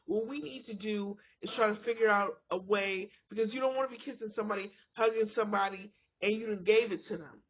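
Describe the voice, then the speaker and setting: A woman's voice: medium pitch, quick pace, hardly any pauses, husky. A woman giving a blunt, profane, casual rant to camera, firing off rhetorical questions. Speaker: vlogger. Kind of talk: casual ranting monologue. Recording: phone-like lo-fi audio.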